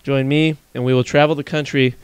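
A man's voice: mid-range voice, flat delivery, brisk, clean tone, dry recording. A man hosting a podcast, chatting casually, joking, swearing a lot and laughing often. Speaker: podcast host and streamer. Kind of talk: casual chat.

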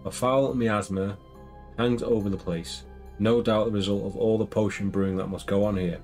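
A man's voice: fairly low pitch, moderate pace. A man reading a gamebook aloud and joking dryly with his co-player, with faint music behind. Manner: steady narration broken by dry jokes.

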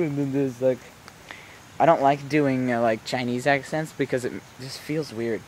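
A man's voice: medium pitch, fairly even intonation. Vlogger: young man, tired and rambling, self-mocking, faint outdoor hiss behind. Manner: rambling, self-mocking, talks in quick tangents. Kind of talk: rambling casual vlog. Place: outdoors, walking a dog in rainy weather.

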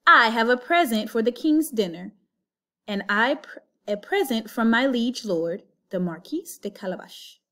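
A woman's voice: a little high, lively intonation, measured pace, bright, forceful tone. A woman reading aloud and voicing a boastful, clever talking male cat in a storybook. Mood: loud. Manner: bold, scheming, showy.

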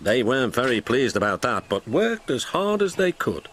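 A man narrating a children's storybook with gentle, expressive telling. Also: medium pitch, normal speed. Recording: music playing behind.

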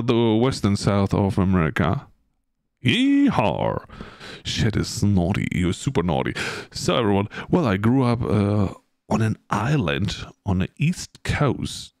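A man live-streaming a game, chatting loosely and playfully with his viewers. His voice sits on the low side and swings widely in pitch. He takes his time over each thought, and the sound is close and dry. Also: no room sound. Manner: rambling, chats with viewers, playful. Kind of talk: casual live-stream chat.

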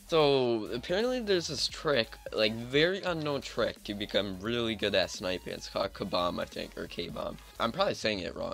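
A man's voice: on the low side, expressive, normal speed, creaky, hardly any pauses, fairly bright tone. A man giving casual, rambling commentary over his own gameplay, talking in a chatty way and saying "like" a lot. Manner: rambling, chatty, heavy use of filler "like". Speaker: gaming channel host.

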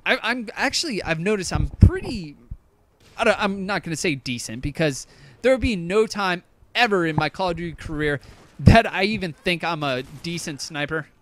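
A young man with a slightly high voice commenting on his own match. He rambles loosely, swears a lot and pokes fun at his own play. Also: animated, normal speed, a bit bright. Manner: rambling, swears often, self-deprecating. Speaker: gaming YouTuber. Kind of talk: casual gameplay commentary.

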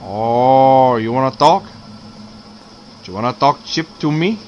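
A man's voice: medium pitch, takes it slowly, lo-fi sound, slight background noise, close to an everyday voice. A man voicing a hot-tempered gangster boss while commentating gameplay, with broken, profane threats. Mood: menacing. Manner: broken English, profane threats, shouting bursts. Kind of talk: in-character game commentary.

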